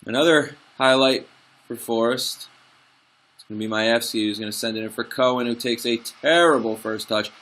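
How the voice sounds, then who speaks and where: A young man commentating his own football management game, swinging from excited play-by-play to frustrated asides. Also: medium pitch, moderate pace.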